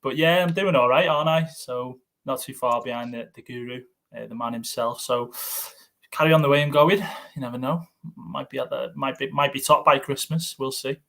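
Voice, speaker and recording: A man on a podcast panel talks in a modest, joking way. His voice sits in an ordinary middle pitch. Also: normal speed, vocal fry, a bit bright. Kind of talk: casual panel chat.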